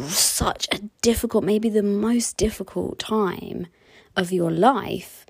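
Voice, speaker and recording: A woman fertility therapist and coach talking in a casual podcast monologue. She is chatty and expressive and acts out her clients' voices, then softens to a near-whisper at tender points. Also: mid-range voice, breathy edge, dry recording, low-quality recording.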